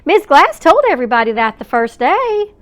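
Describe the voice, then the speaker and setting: A woman's voice: high voice, big pitch swings, normal speed, fairly bright tone, voice pushed up. A woman voicing a friendly young schoolboy in a read-aloud storybook, speaking earnestly and matter-of-factly. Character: boy, young, friendly new classmate.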